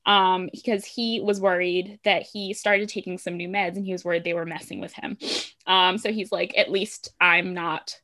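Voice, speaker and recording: A woman's voice: on the low side, flat delivery, moderate pace, bright, forceful tone. A woman co-hosting a podcast, casually retelling a show's plot with plenty of filler words. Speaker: podcast co-host recapping a show. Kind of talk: casual chat.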